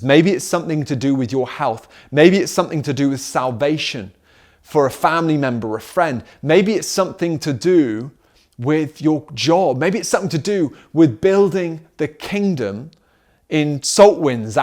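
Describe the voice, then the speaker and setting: A middle-aged man preaches to his church. He presses his point with rhetorical questions and builds in force as he goes. He speaks at an everyday pitch for a man. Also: a little mellow. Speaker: pastor. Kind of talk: sermon.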